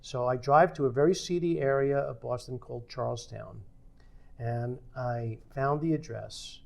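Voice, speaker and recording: An older man spinning a long story from his career, voicing the other people in it as he goes. His delivery is animated, and he keeps things conversational, with a mid-range pitch that is typical for a man. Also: normal speed, gravelly. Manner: animated storyteller acting out quoted dialogue. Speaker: podcast guest.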